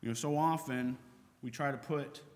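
A man's voice: mid-range voice, normal speed, darkish tone. A man preaching a sermon in a conversational way, reading scripture aloud between points. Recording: long reverb of a large hall.

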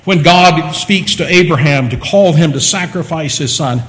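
A man preaching a sermon, teaching with lively emphasis and repeating phrases to drive points home. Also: fairly high pitch, moderate pace, few pauses, in a large hall, low-quality recording. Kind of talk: sermon lecture.

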